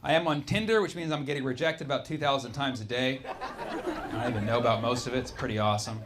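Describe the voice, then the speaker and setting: A man performing a stand-up set with wry, animated storytelling. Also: medium pitch, fast, music in the background. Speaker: stand-up comedian. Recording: live club with audience.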